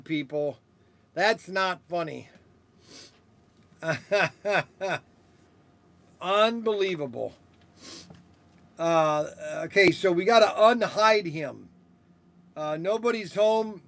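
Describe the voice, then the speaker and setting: A man hosting a toy shop stream, rambling in casual chat with halting restarts and chuckles. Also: sits high.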